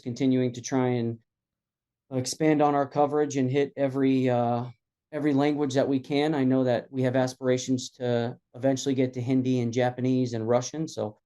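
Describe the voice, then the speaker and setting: Relaxed man with a warm, dark voice. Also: mid-range voice, clear, resonant tone. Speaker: guest from a wrestling federation. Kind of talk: casual podcast chat.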